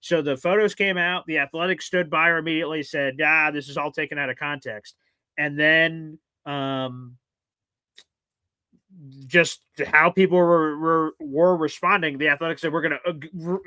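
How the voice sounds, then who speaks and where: Male sports podcast host, bright tense voice, dry close mic, animated chatter. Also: on the high side, dry recording, low-quality recording. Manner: animated, swings into loud exclaiming. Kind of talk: casual sports talk. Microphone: streaming studio mic.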